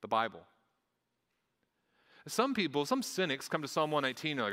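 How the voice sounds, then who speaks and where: A man's voice: on the high side, very animated, normal speed, bright, forceful tone, big-room sound. A man preaching a sermon in a conversational way, stumbling over restarts and adding small asides. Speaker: pastor.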